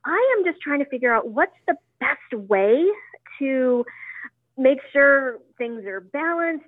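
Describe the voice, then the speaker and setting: A woman's voice: sits high, animated, slow, dry recording. A woman from Ohio calling into a radio show with a cooking question, friendly and laughing lightly. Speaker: caller. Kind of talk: call-in question. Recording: tinny phone line.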